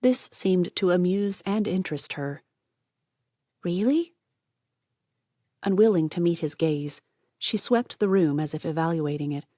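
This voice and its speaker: A woman narrates an audiobook in a steady, measured manner, her voice sitting on the lower side. She is close to the mic, and the sound is dry, with no room echo. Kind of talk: scripted narration.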